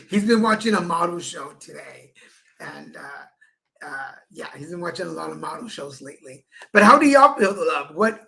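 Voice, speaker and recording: A man co-hosting a relaxed livestream talk show, talking in a bright, clear voice. He tells long anecdotes, slips into the voices of the people he quotes, and laughs easily along the way. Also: a little high, measured pace. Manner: chatty storyteller, acts out quoted people. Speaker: co-host. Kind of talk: casual livestream chat.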